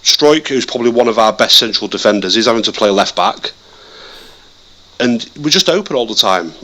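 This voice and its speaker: A lower-pitched man with a bright, forceful tone. He chats casually about football as a podcast co-host. He talks in an animated way, repeating words as he restarts his thoughts. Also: fairly quick. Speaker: podcast co-host, Leeds fan.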